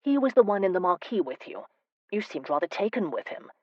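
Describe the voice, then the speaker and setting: A woman narrator voicing a proper, earnest male diplomat in an audiobook, in a measured, reasoning way. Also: medium pitch, big pitch swings, no room sound, lo-fi sound. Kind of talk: audiobook character voice.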